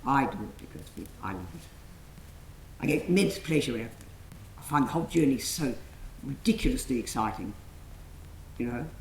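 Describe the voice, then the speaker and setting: A woman theatre director coaching actors through a rehearsal, enthusiastic and calling out sharp commands. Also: lively intonation, brisk, vocal fry, pauses often. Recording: echoey room, faint rumble.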